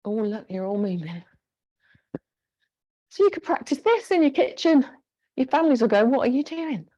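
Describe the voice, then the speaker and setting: A woman's voice: fairly high pitch, big pitch swings, normal speed, mellow, lo-fi sound. A woman instructor leading a live online exercise class, cueing moves in a chatty, encouraging way on a clip-on mic. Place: home room with a squeaky floor. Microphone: clip-on mic pack.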